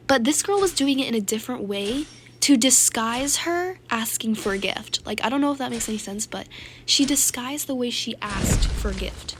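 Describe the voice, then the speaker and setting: A gaming YouTuber with a fairly high voice tells a casual storytime vlog about a game, chatty and heavy on fillers, acting out the dialogue she quotes. There's a little hiss or hum on the audio.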